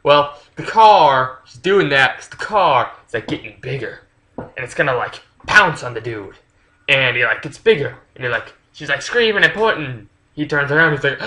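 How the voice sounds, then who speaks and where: A man's voice: mid-range voice, sharp tone, poor audio. A man casually retelling a story's plot for a book review, rambling with lots of fillers and swearing freely.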